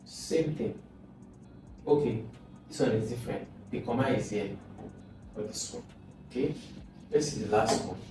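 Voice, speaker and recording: Nigerian man, exam tutor, slow, far from mic, music behind. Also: mid-range voice, mellow, heavy reverb. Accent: Nigerian English. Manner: slow, thinks aloud, repeats sounds over and over. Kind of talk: informal exam lesson.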